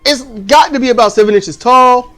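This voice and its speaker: A man casually telling a dream story at home, animated and swearing, acting out the people in it. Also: extremely high pitch, moderate pace, soft background music. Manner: animated, swearing, acts out voices. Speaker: channel host.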